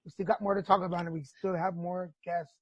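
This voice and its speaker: A middle-aged man hosts a casual podcast chat with a husky, breathy voice. He tells candid stories with plenty of feeling and swears freely. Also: high-pitched, little pitch movement, fast talker, no echo, lo-fi sound. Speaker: podcast host.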